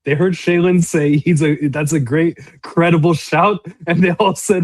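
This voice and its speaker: A man co-hosting a casual football livestream, exasperated and ranting in a lively way. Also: on the high side, moderate pace, hardly any pauses, dry recording. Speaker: co-host.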